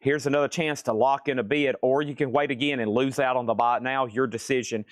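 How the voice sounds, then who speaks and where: A man's voice: medium pitch, steady tone, fast, no echo, clean studio sound. Chatty man running a live record auction. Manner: chatty and joking, rambling between prices. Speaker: live-stream vinyl record seller. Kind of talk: live auction sales patter. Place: record store.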